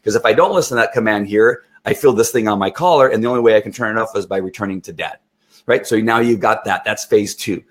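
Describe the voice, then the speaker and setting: A middle-aged man with a lowish voice explains how to train dogs. He talks in a lively, hands-on way and often slips into the dog's point of view to make his point. It sounds like an instructional talk. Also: quick pace. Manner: animated, acts out the dog's thoughts. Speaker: dog trainer.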